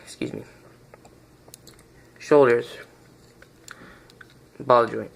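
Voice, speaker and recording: A man's voice: medium pitch, very animated, extremely slow, vocal fry, a little hiss or hum. A man giving a casual, rambling toy review recorded on a phone, often stopping to search for the right word and restarting his sentences.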